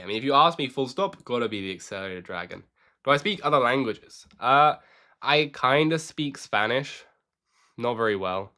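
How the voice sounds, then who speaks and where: A man's voice: medium pitch, sharp tone. Joking young man streaming chess. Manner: joking, answers chat questions while playing. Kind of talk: casual live-stream chat while playing.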